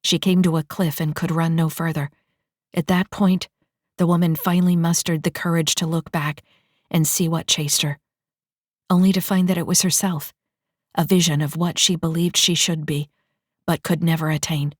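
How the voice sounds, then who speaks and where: Low-voiced woman reading an audiobook. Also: flat delivery, normal speed, dry recording, clean studio sound. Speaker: audiobook narrator. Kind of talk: audiobook narration.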